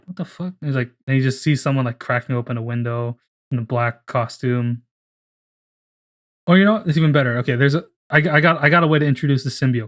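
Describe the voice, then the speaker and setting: A man in casual podcast chat who rambles and swears freely. He keeps restarting his sentences as he pitches ideas, and his voice sits in a middle pitch. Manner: rambling, profane, full of restarts. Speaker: podcast co-host.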